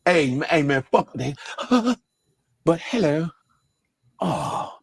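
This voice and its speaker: A comedian guest in casual chat, talking in an animated, profane way. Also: male voice, on the high side, takes it slowly, slightly rough, no echo. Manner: animated, profane, slips into mock voices.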